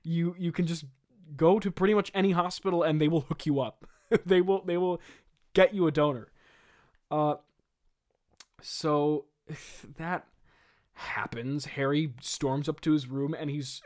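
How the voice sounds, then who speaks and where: A man's voice: a little high, steady tone, measured pace, long pauses, a little mellow. Incredulous, laughing man mocking a script. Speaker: host. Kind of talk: comedic commentary on reading his old script.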